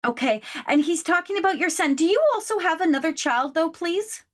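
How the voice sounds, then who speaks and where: A woman's voice: very high voice, expressive, a little fast. A woman hosting a psychic show, giving a reading to a caller and saying please and love often. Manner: warm, affectionate, says please and love often. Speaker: psychic medium host.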